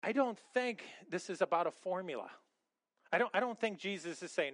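A man preaching a sermon, his voice sitting a little high for a man. He talks conversationally, stumbling over and repeating his words. The sound is dry and close, with no room echo. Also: animated, brisk, a bit bright. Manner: conversational, with many stammered repeats. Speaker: pastor.

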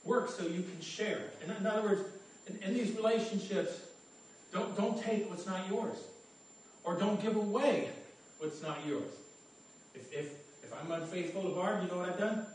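A man preaches as a pastor in a high-pitched voice at normal speed, earnest and conversational, stammering as he often repeats his opening words. The recording is distant in an echoey room, with slight background noise.

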